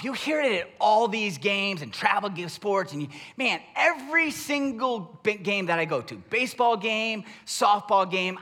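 A middle-aged male pastor preaching with a notably high, bright voice. His pitch swings widely as he talks in a relaxed, conversational way, then pushes into loud, emphatic bursts. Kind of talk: sermon.

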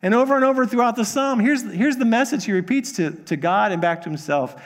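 High-voiced earnest male pastor preaching. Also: fairly quick, hardly any pauses. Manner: earnest, repetitive preaching with many restarts; swings between hushed lows and emphatic highs. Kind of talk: sermon.

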